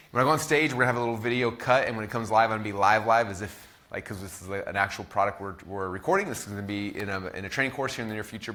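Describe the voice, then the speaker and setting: A man's voice: on the low side, bright, forceful tone. A man in his thirties hosting and teaching a live-streamed course, talking casually with lots of ums and uhs.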